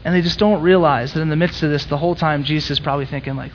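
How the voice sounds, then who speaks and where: A man's voice: on the high side, fairly even intonation, very fast, highs cut off, a little hiss or hum. A young man preaching a conversational, emphatic sermon in a church, rising to intense peaks. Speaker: pastor.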